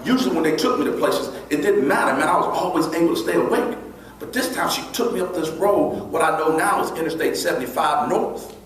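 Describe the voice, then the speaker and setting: A man tells a story from the stage, animated and quick to act out the voices of the people in it. His voice sits slightly high and is picked up from a distance. A strong hall echo and a faint hiss of noise hang around every word. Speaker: motivational speaker. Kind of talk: storytelling keynote speech. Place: large event hall.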